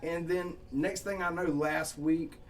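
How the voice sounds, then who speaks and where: A songwriter from Southeast Georgia with a Southern accent, telling rambling, laughing, profane stories in a casual chat. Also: male voice, on the high side, fairly even intonation, a little slow. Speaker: songwriter guest.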